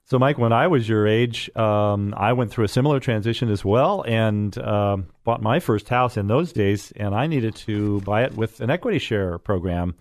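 A man's voice: on the low side, lively intonation, moderate pace, few pauses, no room sound, clean studio sound. A middle-aged man hosting a radio real estate show, chatting casually in a folksy way with many fillers. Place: radio studio.

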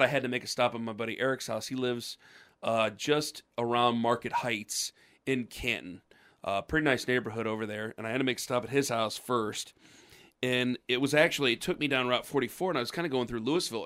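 A man's voice: medium pitch, pushed and bright. A man from with a lingering cough, telling a rambling story on a podcast. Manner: rambling, restarts, acts out quoted voices. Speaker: podcast co-host. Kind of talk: casual storytelling chat. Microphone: podcast microphone.

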